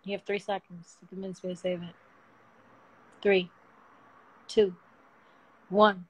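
A woman chatting casually on a phone livestream at home at night, slangy and profane, animated and quick to laugh. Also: mid-range voice, husky, poor audio.

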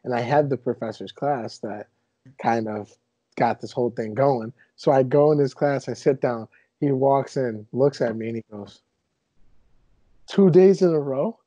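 Mellow-voiced young man hosting a podcast. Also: mid-range voice, normal speed, dry recording, lo-fi sound. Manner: animated storyteller, exaggerated indignation. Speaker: podcast host. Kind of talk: casual podcast chat.

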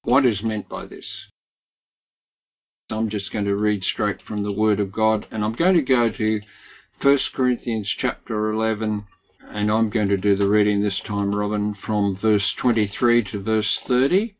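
A man leading a Bible study group, teaching and reading scripture aloud slowly and deliberately, stressing key words. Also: on the low side, steady tone, highs cut off.

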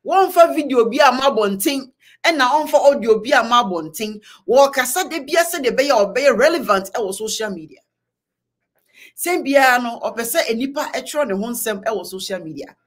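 A Ghanaian-accented woman hosts her own live online show, talking straight to her viewers in political commentary. Her voice sits a little high, and she presses her points with repetition as she mixes Twi and English. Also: lively intonation, normal speed. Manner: emphatic, scolding, repeats words for force.

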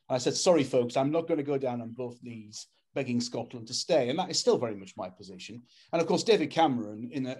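English man, husky voice, mid pitch, earnest webinar panelist on a call, restarts a lot. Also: a little mellow. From England. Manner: earnest, often restarts words and says "um". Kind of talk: webinar talk. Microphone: video call.

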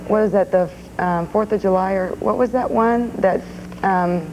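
A woman co-hosting a casual morning radio show as the DJ, chatty and quick to laugh. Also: mid-range voice, darkish tone, slight background noise, rough recording. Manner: chatty, giggly, fills pauses with um. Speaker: radio co-host, DJ.

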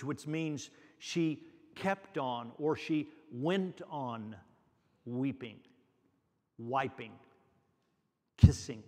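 A man preaching a sermon as pastor, earnest and repeating key words for emphasis. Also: medium pitch. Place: church sanctuary. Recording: long reverb of a church hall.

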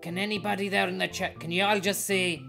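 Gravelly Irish man, jokey streamer. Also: high-pitched, level tone, fast, sharp tone, faint music behind. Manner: jokey, rambling, thanks donors by name. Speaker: live streamer. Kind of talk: live stream commentary.

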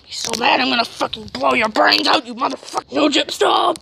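A woman performs every part of a homemade zombie drama, her voice pitched high and edged with a gravelly fry. She moves between shouted curses and hushed whispers, with faint noise behind her. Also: a little fast.

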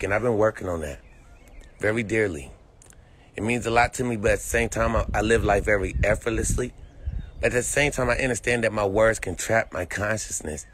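A man's voice: medium pitch, a bit bright. A young man talks casually to his livestream viewers from a phone. His delivery is laid-back and slangy, full of repeated phrases and easy laughter. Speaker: livestream host.

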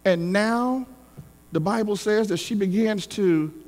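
A man preaching a sermon as pastor, emphatic and calling for responses, with shouted peaks. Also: sits high, slow pace, big-room sound.

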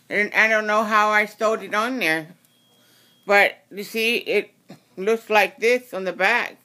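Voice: mid-range voice, bright, forceful tone. A craft tutorial host giving a casual how-to demonstration, rambling and often correcting and apologizing.

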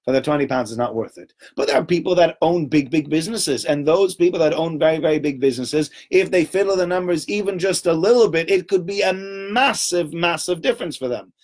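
A man giving an informal Torah talk to a small group, conversational and animated, often checking in with "right?" and acting out little voices. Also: a little high, fairly quick, few pauses. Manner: acts out little voices and sounds while telling stories.

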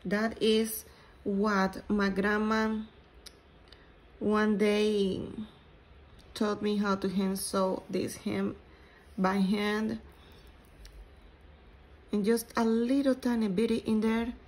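A woman, not a native English speaker, explains sewing steps slowly, pausing and restarting phrases as she works. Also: mid-range voice, level tone, darkish tone, rough recording. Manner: slow, halting, with restarts. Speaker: sewing instructor. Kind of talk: step-by-step sewing tutorial.

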